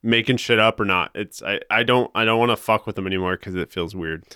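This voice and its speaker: Casting: relaxed young guy, low voice, smooth, dry close mic, casual banter. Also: quick pace, no room sound. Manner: laid-back, swears freely, mocking asides. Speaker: podcast co-host. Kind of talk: casual chat.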